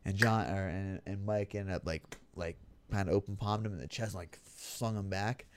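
A man telling a story in casual chat, animated and loose, peppered with filler words. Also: sits low, moderate pace, slight background noise. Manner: animated storytelling full of "like" and "you know".

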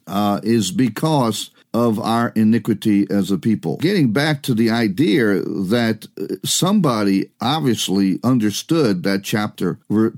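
A man preaching a radio sermon in a conversational way, posing rhetorical questions, often pausing on "uh", and alternating quick bursts with slow, stressed words. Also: medium pitch, darkish tone. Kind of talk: broadcast sermon.

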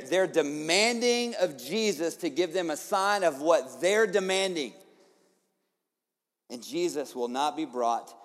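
A man preaching a sermon in a lively, conversational way, tossing in casual asides. His voice sits a bit high for a man. Long reverb hangs on his words in a big hall. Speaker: pastor.

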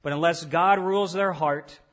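A man's voice: on the high side, normal speed, fairly bright tone. A man preaching a sermon, earnest and repeating key phrases for emphasis. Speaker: pastor.

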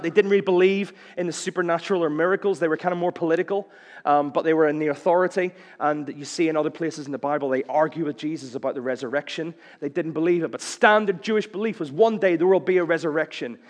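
Preacher, conversational, in a reverberant hall. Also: male voice, on the high side. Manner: conversational, with wry jokes and questions. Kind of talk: sermon.

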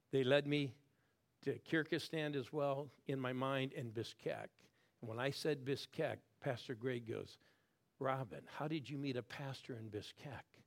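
A man in his sixties preaching a sermon, swinging from loud calls to the crowd down to soft, hushed lines. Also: medium pitch. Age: 60s. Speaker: guest preacher.

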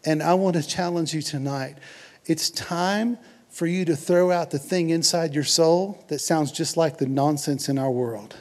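A pastor preaches a sermon in an earnest, conversational way, adding jokes and asides to the congregation. His voice is on the high side and unhurried.

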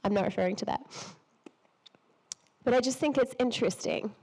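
A woman with a slightly high voice gives a sermon while fighting a cold. She talks in a chatty, personal way, laughs at herself often and wanders off her point now and then. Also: a little fast, darkish tone, husky, poor audio. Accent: a noticeable non-local accent. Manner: chatty, self-deprecating, laughs often, loses her thread. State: has a cold. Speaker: speaker preaching to women.

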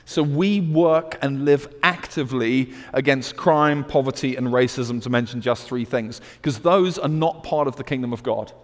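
British preacher in a reverberant hall. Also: male voice, mid-range voice, moderate pace, hardly any pauses. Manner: builds to loud emphatic declarations, then drops to hushed storytelling. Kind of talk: sermon.

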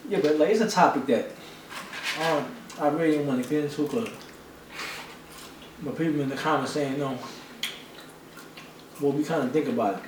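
A man's voice: on the high side, moderate pace, long pauses. Laid-back middle-aged man, distant and echoey. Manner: laid-back and slangy, speaks bluntly. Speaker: podcast co-host, father. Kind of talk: casual family chat during a food-eating video. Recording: echoey room, distant mic, clear background noise.

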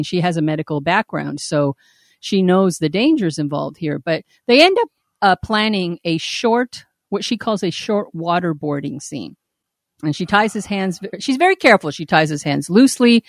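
A woman hosting a podcast who teases her co-host and reads listener posts aloud in a measured way. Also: lowish voice, no echo, clean studio sound. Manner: laughing, teasing, measured when reading. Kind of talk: casual chat and reading aloud.

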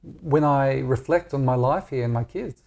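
A man's voice: mid-range voice, moderate pace, gravelly, darkish tone. A middle-aged Australian man chatting candidly as an interview guest, joking and self-deprecating. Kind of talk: casual interview chat.

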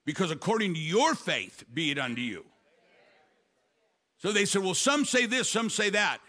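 An older man, a pastor preaching a sermon, telling stories and rising to shouts. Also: high-pitched, very animated, normal speed.

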